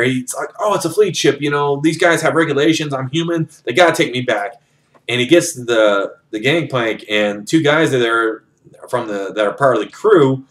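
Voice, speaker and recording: Young man, casual storyteller; rambling, sweary plot retelling at a mid-range pitch. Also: a bit bright. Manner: profane, rambling, conversational. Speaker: book reviewer retelling a novel.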